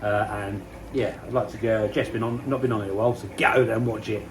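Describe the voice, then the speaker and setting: Self-deprecating and casually profane, an English koi pond vlogger in his fifties chats away outdoors next to a garden pond. He speaks quickly in a lowish voice with fairly even intonation, and the background is noisy.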